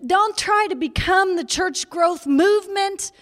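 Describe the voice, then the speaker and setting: Woman preaching, high voice, emotional and chatty, lots of reverb like a hall. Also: a little slow. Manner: emotional, laughing, conversational preaching. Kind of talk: sermon. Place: small room.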